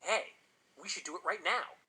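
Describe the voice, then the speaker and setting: Man playing a cocky teen boy, fakes high child screams, storybook bully. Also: normal speed, bright, forceful tone, slightly rough, exaggerated voice. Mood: teasing. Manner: taunting, shrill put-on child screams. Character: mocking teenage boy, shrieking in fake terror.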